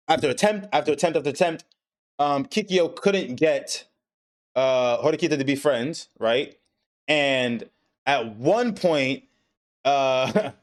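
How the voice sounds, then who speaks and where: Male streamer, a bit higher-pitched, swearing and laughing through a loose anime recap at his home setup. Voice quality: relaxed, profane, laughs often. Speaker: stream host. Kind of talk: casual anime recap on a livestream. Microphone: desk setup with webcam.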